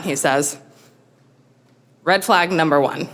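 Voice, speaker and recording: Woman storyteller, self-mocking comic delivery, very lively intonation, reverberant hall. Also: mid-range voice, moderate pace. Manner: wry, self-mocking, animated.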